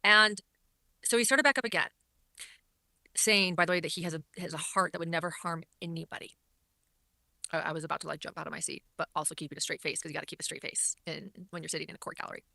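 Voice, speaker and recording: A woman's voice: low-pitched, steady tone, quick pace, creaky, bright, forceful tone, no room sound. A woman commentator recapping a court hearing in an earnest, repetitive way, often restarting her sentences. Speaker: online commentator.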